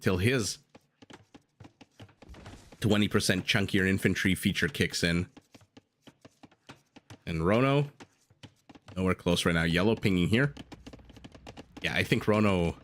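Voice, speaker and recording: A man's voice: fairly low pitch, fairly bright tone, slight background noise. A man commentating a strategy game live, chatty and joking with his chat between play-by-play. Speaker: game caster.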